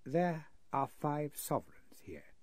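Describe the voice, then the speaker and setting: Man playing a sinister giggling old kidnapper, hushed half-whisper, husky, dry sound, 1930s radio play. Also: fairly high pitch, sing-song, no echo, pitched above the performer's own voice, full character voice. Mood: menacing. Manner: quiet, slow, coldly threatening. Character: sinister giggling older male kidnapper, softly menacing. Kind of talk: 1930s radio drama acting.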